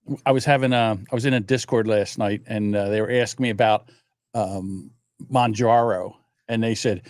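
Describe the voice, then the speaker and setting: A man's voice: on the low side, steady tone, moderate pace, a little mellow, no echo, studio quality. A man in his sixties hosting a livestream, telling rambling stories in casual chat and swearing freely. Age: 60s. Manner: profane, rambling storyteller. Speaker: livestream host.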